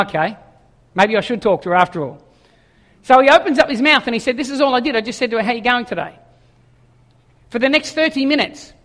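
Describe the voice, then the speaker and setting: A man preaches at a brisk clip, acting out the people in his story as he goes. His voice rings out with a long reverb, as if spoken in a large hall. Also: very high voice, fairly bright tone. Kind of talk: sermon.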